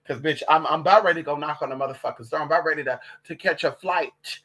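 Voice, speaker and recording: A woman's voice: sits low, quick pace, breathy edge. A transgender woman vlogging in a casual monologue, sassy and profane, calling listeners honey and girl as she tells stories. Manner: animated gossipy storytelling. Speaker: vlogger and witch.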